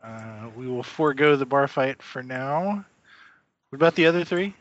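A man narrating a tabletop game as game master, describing scenes in a relaxed way with many fillers, in a slightly muffled recording. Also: mid-range voice, normal speed, no room sound.

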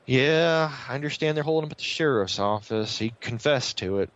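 A man's voice: mid-range voice, animated, a little fast, fairly bright tone, no room sound, close to an everyday voice. A man voicing a guarded, secretive male scientist who hems and haws, over slightly muffled online call audio. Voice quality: hesitant, hemming and hawing.

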